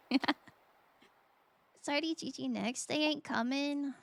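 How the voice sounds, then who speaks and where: Giggly, high-voiced woman streamer. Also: slow, gravelly, pauses often. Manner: playful, giggly, talks to chat. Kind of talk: casual live-stream chat while gaming.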